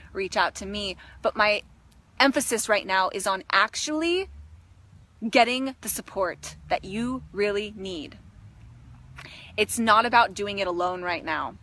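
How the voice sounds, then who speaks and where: A woman's voice: mid-range voice, pushed and bright, a little hiss or hum. A woman who calls herself a shaman, giving a playful, earnest spiritual monologue. She speaks emphatically and swears casually. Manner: playful and earnest, with frequent giggles. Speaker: spiritual teacher.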